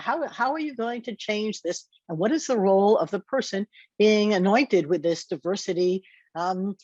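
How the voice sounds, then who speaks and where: A woman's voice: medium pitch, a little mellow, no room sound. Older woman, podcast host, reflective, laughing, dry dull recording. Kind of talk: conversational interview.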